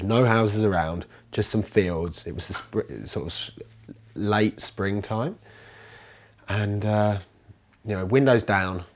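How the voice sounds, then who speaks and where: A man in a casual interview, telling a personal story in a rambling, animated way with many fillers and restarts. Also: on the low side. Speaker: interviewee, commune resident.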